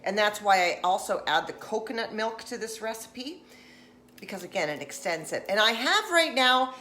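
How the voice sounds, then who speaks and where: A woman's voice: mid-range voice, animated, normal speed, pushed and bright, a little hiss or hum. A chatty, jokey woman, cooking in her home kitchen while chatting on a live stream. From Nova Scotia, Canada. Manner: chatty and jokey, slips into put-on silly voices. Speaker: vlogger.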